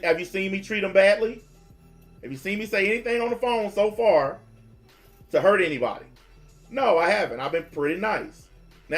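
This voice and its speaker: A high-pitched man in his forties hosts a livestream and rants at his audience in a blunt, profane, confrontational way. He mocks and scolds as he goes, and faint music plays underneath his voice. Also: a bit bright. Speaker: livestream host taking calls.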